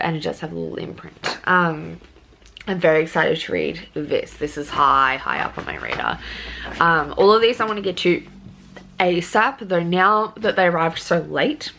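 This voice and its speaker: A young woman with an Australian accent talks through her book haul in a casual vlog. Her voice sits a little low, and she rambles with lots of ums and self-corrections. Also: gravelly, fairly bright tone. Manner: chatty, rambling, full of ums and restarts. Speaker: book vlogger.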